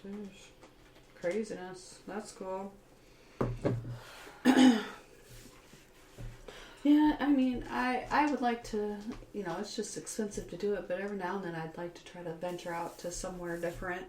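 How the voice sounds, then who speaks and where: A woman's voice: mid-range voice, a little slow, pauses often, darkish tone. A woman co-hosting a casual podcast chat, talkative and blunt, swearing casually and laughing often. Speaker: podcast co-host. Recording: echoey room, faint background hiss.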